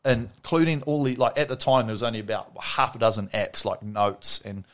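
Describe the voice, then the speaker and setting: A man's voice: medium pitch, steady tone, normal speed. A man with a New Zealand accent telling stories in casual chat, rambling and laughing often.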